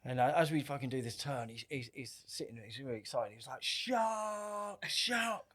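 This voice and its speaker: A man's voice: mid-range voice, fast, slightly rough. Man telling stories, swearing. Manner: animated, swears freely, acts out quoted lines. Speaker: podcast guest. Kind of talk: casual storytelling.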